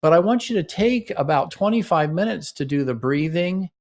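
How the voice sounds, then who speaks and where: A man's voice: a little high, expressive, normal speed. A man hosting a relationship show, explaining to couples in an instructional talk and checking in with "okay?" and "right?". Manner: coaching, frequent "okay?" and "right?" check-ins. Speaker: relationship therapist and podcast host.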